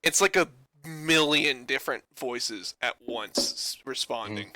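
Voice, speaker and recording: A man's voice: mid-range voice, a little slow, pushed and bright. A young man as game master, narrating and freestyling rhymes with loose fillers. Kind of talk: running a tabletop game.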